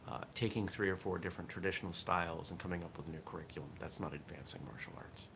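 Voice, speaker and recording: A man hosts his martial arts morning show live, speaking fast in a deep, gravelly voice with fairly even intonation. He reflects and thinks aloud in casual livestream fashion, and background noise can be heard.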